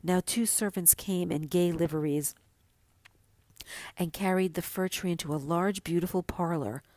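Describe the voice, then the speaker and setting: Woman narrator, fairy-tale reading, gentle, measured, lowish voice, dry close mic. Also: no room sound. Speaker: podcast host. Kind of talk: storybook narration.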